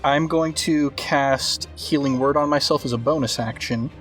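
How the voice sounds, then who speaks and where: A man's voice: mid-range voice, moderate pace, music in the background. A man playing a tabletop role-play game, plainly declaring his character's actions. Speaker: player.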